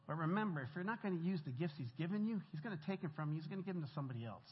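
A man's voice: a little high, lively intonation, very fast. A man telling a church congregation a story from his volunteer ministry in a casual, chatty way with slang. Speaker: church volunteer giving testimony. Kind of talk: testimony told to a church congregation. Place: church meeting room. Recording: echoey hall, dull lo-fi sound.

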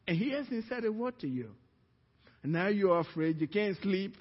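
A middle-aged man from Africa preaches a sermon in a high, husky voice. He tells a story and acts out others' lines as he goes. The sound is dull and rings with a long church-hall reverb. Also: lively intonation, moderate pace. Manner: storytelling, acting out quoted voices with rising pitch. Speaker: pastor.

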